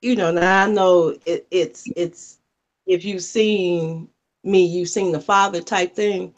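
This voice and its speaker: A woman in a casual discussion, raising questions and objections in an animated, interrupting way. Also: lowish voice, takes it slowly, muffled recording.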